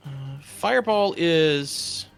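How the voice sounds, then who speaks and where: A man's voice: a little high, expressive, very slow, vocal fry, soft background music. A man playing a tabletop game, thinking aloud and counting dice under his breath. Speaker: player. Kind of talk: casual tabletop game chat.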